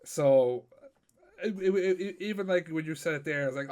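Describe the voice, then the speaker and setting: A laid-back Irish man in his twenties hosts a podcast, chatting loosely and swearing often. His voice sits a little higher than most men's. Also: brisk, darkish tone. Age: 20s. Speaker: podcast host. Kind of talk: casual podcast chat.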